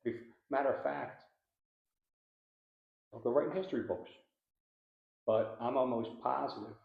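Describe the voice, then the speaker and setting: A man's voice: mid-range voice, a little slow, creaky. A man from Philadelphia, a paranormal investigator, chatting casually and animatedly in an interview, slangy and calling people dude. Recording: echoey room, dull sound.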